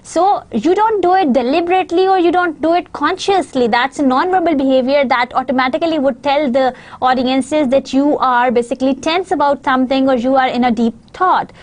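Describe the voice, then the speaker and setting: A woman's voice: high-pitched, brisk, few pauses. A woman from Pakistan giving a recorded university lecture, explaining slides with frequent hesitations and fillers.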